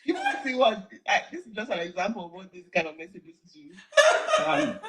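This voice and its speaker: A woman's voice: medium pitch, big pitch swings, moderate pace, a bit bright, rough recording. A woman on a live stream, talking bluntly and scolding, with a mocking edge. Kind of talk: casual live-stream chat.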